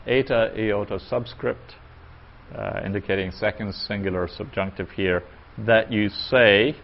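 A man teaching a grammar lesson at a slow, deliberate pace, reading each passage aloud and then picking it apart word by word. His voice sits fairly low, and the recording is a little dull and lo-fi. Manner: slow and methodical, reads passages aloud then parses them. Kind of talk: Koine Greek lesson.

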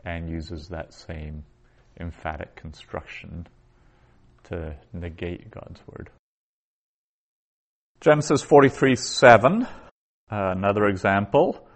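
A man teaching a recorded Biblical Hebrew grammar lesson, explaining patiently and reading phrases aloud slowly. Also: low-pitched.

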